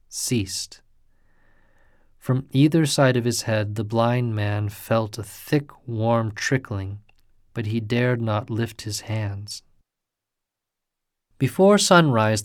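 Man, narrator, very slow storytelling, dry close sound. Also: mid-range voice, dry recording. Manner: measured, deliberate storytelling. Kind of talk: scripted narration of a ghost tale.

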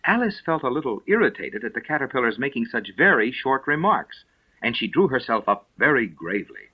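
A man narrating an audiobook in an expressive storytelling manner, recorded in dull lo-fi. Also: mid-range voice, fairly quick, slightly rough.

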